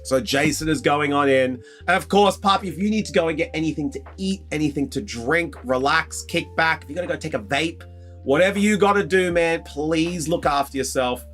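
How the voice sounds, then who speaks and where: A young Australian man hosting a casual live stream, chatty and excitable, calling viewers mate and bro and breaking into loud, high exclamations. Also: brisk, soft background music. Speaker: live stream host opening trading card packs.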